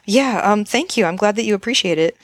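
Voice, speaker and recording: A woman guest on a podcast, talking casually with a relaxed, friendly manner and many fillers. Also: mid-range voice, a little fast, no echo. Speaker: podcast guest, game developer. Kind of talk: casual interview chat.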